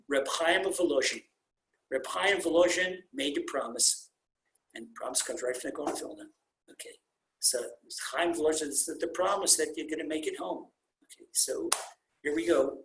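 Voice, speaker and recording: A rabbi teaching an informal Torah class on a video call, telling stories with animated, repeated emphasis and Hebrew terms mixed into his English. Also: a little high, normal speed. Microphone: computer mic on a video call. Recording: roomy echo on a video call.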